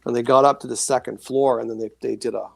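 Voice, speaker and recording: A fast-talking man with a creaky, gravelly, mid-range voice appears as a guest author, describing paranormal experiences. His animated storytelling rambles, full of fillers, restarts, and self-corrections. The sound is close and dry, with no echo and no room ambience.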